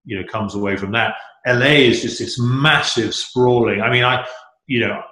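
A man's voice: medium pitch, moderate pace, pushed and bright. A middle-aged man chatting as a guest in a casual conversation, enthusiastic and rambling, with many restarts. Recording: echoey room.

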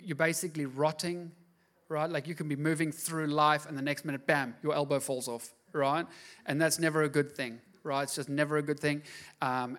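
A man's voice: a little high, a bit bright. A male pastor giving a sermon in a conversational, joking way, often asking the crowd "right?".

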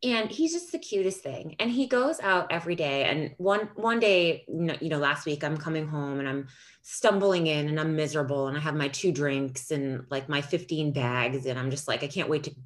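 Woman, casual chat, expressive storyteller with lively swings in pitch, frequent laughs and cursing. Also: moderate pace. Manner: animated storytelling, swearing, laughing often.

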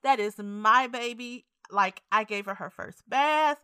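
A woman co-hosting a podcast in casual chat, animated and emotional, laughing often. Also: fairly high pitch, unhurried, smooth, no echo, studio quality. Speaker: podcast co-host.

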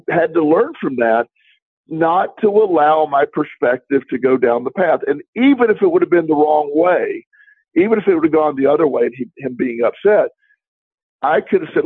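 A man's voice: on the high side, slightly rough, no echo. A man co-hosting a talk show, telling a long story in a casual, rambling way, with many restarts and quoted dialogue. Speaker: podcast co-host. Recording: dry, tinny phone-like line.

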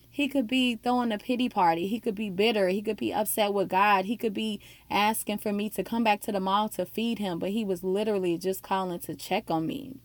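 A woman tells a personal faith story in an earnest, heartfelt way, at times close to tears. Her voice sits at a middle pitch. It is recorded dry and close, with no room sound. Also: no room sound. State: emotional, near tears.

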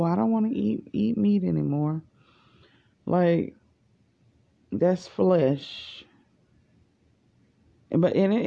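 Slow gravelly podcaster in their forties. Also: mid-range voice, dark tone. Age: 40s. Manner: slow, unhurried, thinking aloud. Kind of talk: casual rambling monologue. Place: at work. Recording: dull lo-fi voice message.

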